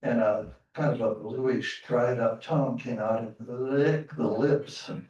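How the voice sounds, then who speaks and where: A man telling a folktale live on a theater stage, lively and questioning the audience. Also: mid-range voice, unhurried. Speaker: storyteller. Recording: roomy theater sound from far off.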